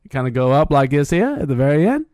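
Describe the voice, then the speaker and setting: A man's voice: a little high, sing-song, fast, a little mellow, dry recording, studio quality. A young adult man in casual chat, rambling and restarting his sentences as he explains a point.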